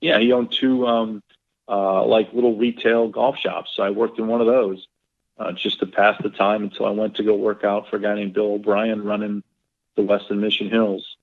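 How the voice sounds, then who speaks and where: A low-pitched man telling rambling, animated stories, with plenty of ums and you-knows. His voice comes through a narrow, tinny phone line, as a podcast guest recalling his golf career. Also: normal speed, creaky. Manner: rambling, animated storyteller with many fillers. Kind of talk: casual storytelling interview.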